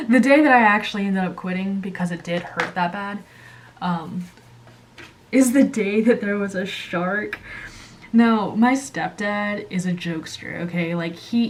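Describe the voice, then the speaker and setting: Chatty woman telling a lively story. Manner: animated, acts out quotes with jumps in pitch; chatty, many fillers and asides. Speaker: channel host. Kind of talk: casual storytelling while coloring.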